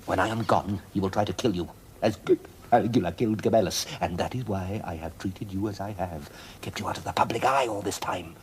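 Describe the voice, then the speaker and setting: A weary aging Roman emperor, deep and earnest. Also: male voice, darkish tone, slight background noise. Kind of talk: television period drama acting.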